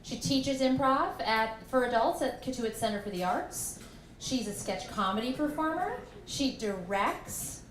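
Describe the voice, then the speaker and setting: A woman hosts a live storytelling night and introduces the next teller, pausing often. Her voice is slightly high. The room adds plenty of echo. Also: lively intonation, slight background noise. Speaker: event host. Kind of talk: introducing a speaker. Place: tavern with live audience. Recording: echoey room.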